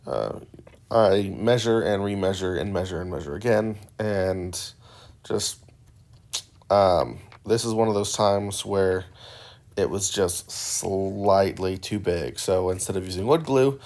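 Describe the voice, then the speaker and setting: A man narrating a woodworking build in a relaxed, rambling voice-over, joking and poking fun at himself. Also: low voice, takes it slowly. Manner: joking and self-deprecating; relaxed and rambling with filler words. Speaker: woodworking channel host.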